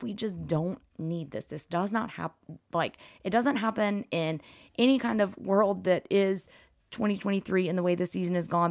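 A woman recaps the game in a low, gravelly voice that is close to giving out. She tells her story excitably. The recording is dry and close. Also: dry recording. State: nearly losing her voice. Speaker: podcast host. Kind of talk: casual sports recap.

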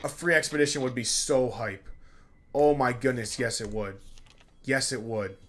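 A man giving let's play commentary as a gaming YouTuber, talking to his characters, repeating himself, pleading and excitable. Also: medium pitch, normal speed.

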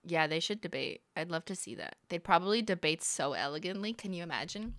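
A young woman from Canada chats her way through a live reaction stream, playful and teasing. Her voice is bright and forceful, recorded close and dry. She laughs easily between remarks. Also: fairly low pitch, animated, fairly quick, hardly any pauses, no echo. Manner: chatty, playful, sarcastic, laughs often. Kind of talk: casual live-stream commentary.

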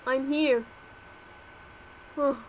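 A woman's voice: high-pitched, fairly even intonation, drawn-out words, lo-fi sound, slight background noise. A woman voicing all the characters of a homemade fan cartoon, with frantic yelps and exclamations.

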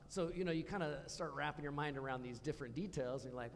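A man's voice: fairly high pitch, fast, creaky, hardly any pauses, a bit bright, long reverb tail. A man preaching a conversational sermon in a church, asking the congregation questions as he goes. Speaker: pastor. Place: church hall.

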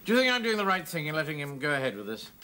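An actor playing a self-important, blustering middle-aged army captain in a sitcom. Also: male voice, fairly high pitch, big pitch swings, rapid-fire, bright, forceful tone, a little hiss or hum. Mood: pompous. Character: pompous middle-aged male captain, bank-manager type.

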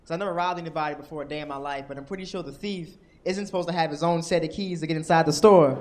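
Young male comedian, high voice, animated delivery, handheld mic on a club stage. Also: rapid-fire. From Washington, D.C. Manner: animated, acts out characters with shouted high voices. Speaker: stand-up comedian. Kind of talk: stand-up comedy set.

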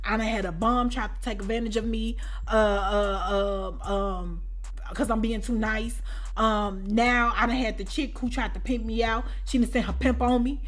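High-voiced woman telling a story. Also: moderate pace. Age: adult with children. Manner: animated, keeps asking "you know what I'm saying?". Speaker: storytime channel host. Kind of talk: casual storytime.

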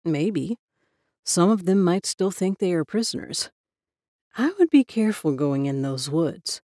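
A lanky young slacker uncle drops his voice low and quiet to tell a creepy tale, drawing out his words for effect, as a woman storyteller puts him on. The sound is dry and mellow. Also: expressive, unhurried, no room sound. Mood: spooky. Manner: low, theatrical, offhand. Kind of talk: storybook reading.

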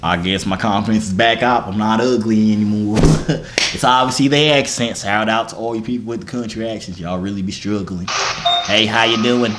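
A man's voice: on the low side, fairly even intonation, a little fast, heavy background noise. A young man vlogging into his phone in a joking, self-mocking way. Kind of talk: casual vlog commentary.

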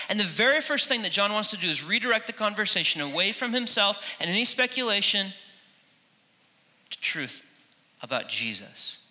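A man preaching a sermon as pastor, animated, acting out quoted lines with playful emphasis, in a large church. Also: high voice. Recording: long hall reverb in a church.

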